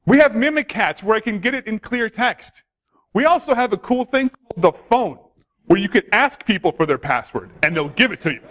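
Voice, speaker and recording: A man's voice: high-pitched, a bit bright. A man giving a conference talk on security, joking and quizzing the audience. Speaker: conference speaker.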